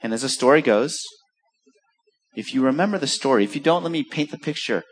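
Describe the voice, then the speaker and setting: A man preaching a sermon, telling a story with lively acted-out quotes. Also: mid-range voice, brisk, slightly rough. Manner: animated storytelling, acts out quoted voices. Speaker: pastor.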